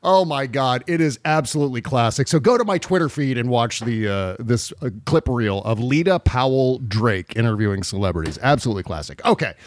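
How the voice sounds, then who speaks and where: A man's voice: mid-range voice, animated, a little fast, few pauses, no echo. A man co-hosting a casual political podcast, talking in a wry, profane way with many fillers. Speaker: podcast co-host.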